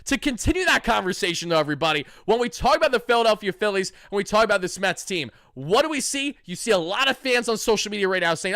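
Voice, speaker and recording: A man's voice: high-pitched, animated, fast, hardly any pauses, fairly bright tone, no room sound, clean studio sound. A brash young man hosting fan reaction commentary on a sports channel, hyped and trash-talking. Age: young adult.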